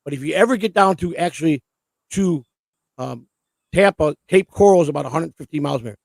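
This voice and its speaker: A man hosts a loose livestream conversation, rattling on at high speed with plenty of swearing. His voice sits high and has a gravelly edge. The sound is close and dry. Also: fairly quick, dry recording. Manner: rambling, profane, excitable. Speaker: host. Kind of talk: casual livestream chat.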